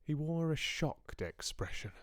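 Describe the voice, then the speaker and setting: A man reading a novel aloud for his livestream book club, slowly and expressively. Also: fairly high pitch, no room sound, clean studio sound. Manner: slow, expressive, lively. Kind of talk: audiobook-style reading.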